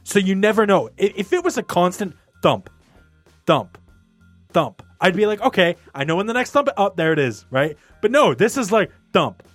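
Lively, swearing young man telling a story. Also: moderate pace, dry recording, faint music behind. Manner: animated storytelling, swears often, shifts pitch for quoted voices. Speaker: storyteller in group chat. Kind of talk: casual chat.

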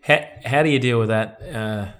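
A man's voice: medium pitch, moderate pace, fairly bright tone. Co-host, man, mid-range voice, chatty and joking, runs the outro plugs. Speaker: podcast co-host. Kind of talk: casual podcast hosting.

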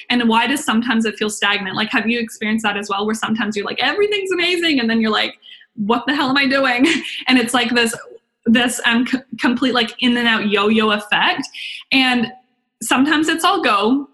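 Bright, chatty young woman coach. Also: a little high. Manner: chatty, excitable, lots of "like" and acted-out inner voices. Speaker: business coach and podcast host. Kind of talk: webinar talk.

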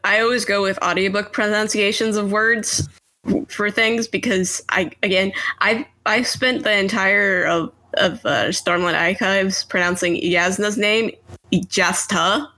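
A woman with a bright, sharp voice co-hosts a casual book-club podcast. She chats in a self-deprecating way and breaks into laughter often. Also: mid-range voice, fairly even intonation, measured pace. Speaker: podcast co-host.

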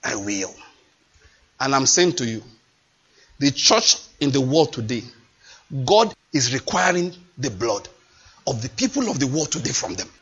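A man's voice: medium pitch, big pitch swings, normal speed, a bit bright, slightly rough. A man preaching a sermon, impassioned and emphatic, repeating his phrases. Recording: dull lo-fi recording.

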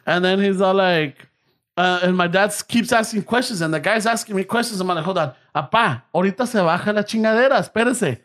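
Laughing storyteller, high voice. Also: male voice, brisk, fairly bright tone. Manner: profane, laughing, mixes English and Spanish. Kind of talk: casual storytelling chat.

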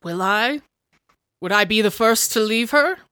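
Woman as a stammering Regency suitor, bright tone, dry close sound, tabletop role-play. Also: on the high side, expressive, a little slow, clean tone, no room sound. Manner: stammering, hesitant, wry. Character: young male Regency gentleman, calculating fiancé.

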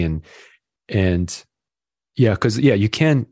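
A man's voice: deep voice, moderate pace, a little mellow, dry recording, clean studio sound. A young father as a podcast guest, telling stories in a rambling, self-deprecating way with lots of fillers. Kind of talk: casual chat.

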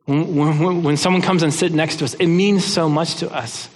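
A man's voice: fairly high pitch, steady tone, normal speed, in a large hall. A man giving a sermon in an earnest, conversational way, often restarting his words. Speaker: pastor.

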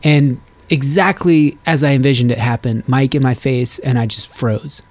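A man in a casual chat, telling a story in a reflective, relaxed way. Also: medium pitch, moderate pace, no room sound.

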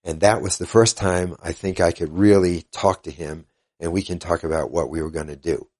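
Older guy, really low voice, earnest and halting, quoting people as he tells it. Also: steady tone, darkish tone. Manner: earnest, halting, retells others' words in dialogue. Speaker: interview guest. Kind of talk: casual storytelling interview.

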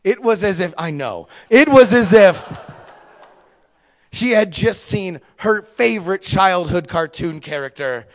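A man's voice: high voice, unhurried, long reverb tail. Profane young man telling a story. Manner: profane, animated storytelling with sudden loud bursts. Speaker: stand-up comedian. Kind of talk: stand-up storytelling.

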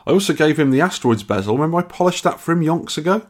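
Speaking quickly in a fairly high, expressive voice, this male podcast co-host chats casually and winds through a long, meandering story with frequent restarts. He's yawning and a little worn out from not sleeping enough.

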